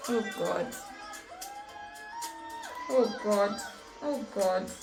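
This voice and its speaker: A woman's voice: mid-range voice, drawn-out words, crowd noise. A woman hosting a reaction video, talking casually and emotionally, exclaiming often and thinking aloud. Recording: roomy echo with faint music.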